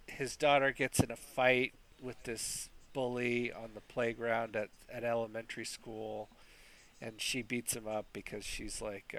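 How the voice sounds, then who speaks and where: A man with a bright, forceful voice who talks slowly as he recaps a film plot. He rambles and restarts his sentences often, in a casual podcast manner. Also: medium pitch, creaky. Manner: slow, rambling, many restarts. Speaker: podcast co-host.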